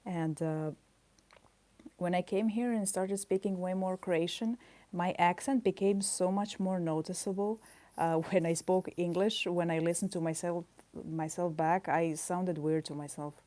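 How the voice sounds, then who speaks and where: A woman with a low, warm, mellow voice talks casually on a stream while drawing at her desk. She rambles softly, thinking aloud and searching for words with small pauses. Her voice is caught by the camera's own microphone. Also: fairly even intonation. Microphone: camera mic.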